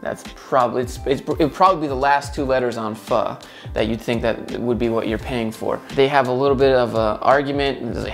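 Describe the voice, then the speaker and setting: A man hosting his own video channel, telling a dating story in a casual, animated way. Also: mid-range voice, a little fast, creaky, soft background music. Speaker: YouTube host.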